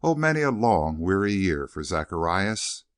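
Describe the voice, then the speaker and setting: A man voicing a wistful old servant with a soft drawl. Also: low-pitched, sing-song, moderate pace, smooth. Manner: soft Southern drawl, musing. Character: elderly male servant, gentle and wistful. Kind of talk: audiobook character reading.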